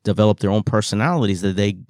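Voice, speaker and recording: Very low-voiced man, halting chat. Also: a little mellow, no echo, clean studio sound. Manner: halting, many restarts and "you know" fillers. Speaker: podcast co-host. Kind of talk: casual chat about parenting.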